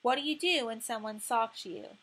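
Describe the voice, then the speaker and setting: A woman's voice: on the high side, normal speed, fairly bright tone. Gilly, a woman reading as a brash tough girl. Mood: brash, bossy. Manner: swaggering, blunt, slangy. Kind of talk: audiobook reading.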